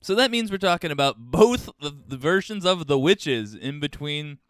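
A man co-hosting a casual podcast, playful and quick to laugh. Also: a little high, big pitch swings, dry recording. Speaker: podcast co-host. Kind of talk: casual chat.

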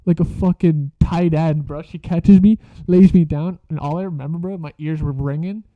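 A man's voice: a little high, fairly even intonation, normal speed, dry recording. A young man casually telling a story from school, slangy and profane, laughing as he goes. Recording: dull lo-fi sound.

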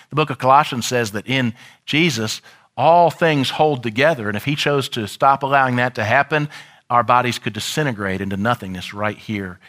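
A man pastor preaching a sermon in a church, shifting dramatically and shouting out the crowd's lines. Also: on the high side.

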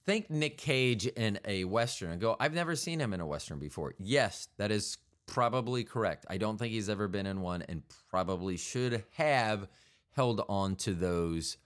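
A man's voice: fairly low pitch, lively intonation, moderate pace. A male podcast host talking in a rambling, casual monologue, wry and prone to correcting himself mid-sentence. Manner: meandering, self-correcting, wry.

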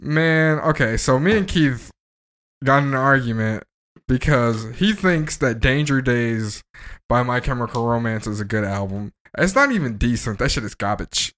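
A man co-hosting a podcast in casual chat, joking and swearing in an animated way. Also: medium pitch, moderate pace. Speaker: podcast co-host.

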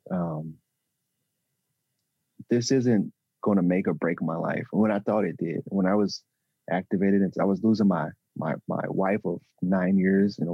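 Gravelly, low-voiced man. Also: no room sound, dull audio. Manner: halting, with many restarts and fillers. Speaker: relationship and mindset coach. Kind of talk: podcast interview.

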